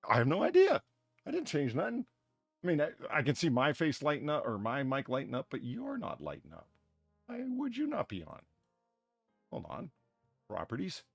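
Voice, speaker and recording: An excitable man hosting a loose podcast, swearing freely. His voice is gravelly and a little husky, and his pitch jumps all over the place. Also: normal speed, pauses often, no room sound, faint music behind. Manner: profane, excitable, laughs a lot. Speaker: podcast host. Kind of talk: casual chat.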